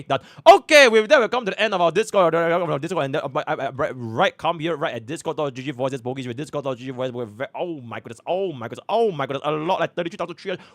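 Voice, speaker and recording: Working his way through menus on a live stream, a young man from Singapore chats away and mutters to himself, leaning on the same filler phrases again and again. He speaks at a medium pitch, and the sound has no echo.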